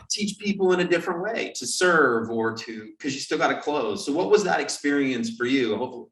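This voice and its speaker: A man's voice: a little high, lively intonation, brisk, a bit bright. Male podcast host, storytelling, acts out quotes, echoey room, distant mic. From California. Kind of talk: storytelling in casual interview.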